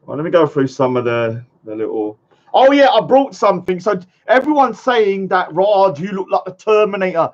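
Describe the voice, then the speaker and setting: A man's voice: sits high, sing-song, normal speed. A man, vlogging casually to a live chat, rambling and mocking his critics. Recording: dull lo-fi sound.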